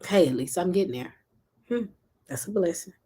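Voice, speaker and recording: Rambling Memphis woman, low and lively. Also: moderate pace, slight background noise. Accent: Southern US (Memphis). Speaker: livestream host. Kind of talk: casual livestream chat reading comments.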